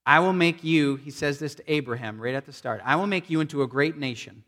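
A man preaching a sermon, retelling a scripture story with animated emphasis and acted-out voices. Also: medium pitch, quick pace, big-room sound. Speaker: pastor.

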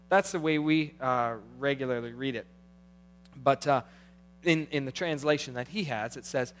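A middle-aged man preaching a sermon as pastor, swinging between hushed, intimate passages and animated, rising ones. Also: medium pitch, normal speed.

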